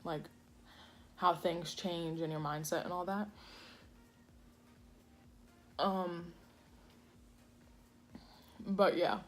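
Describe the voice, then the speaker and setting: This is a slow, steady-toned woman's voice on the low side, belonging to a food vlogger. In her home kitchen she eats and chats casually, drifting along with many fillers and restarts.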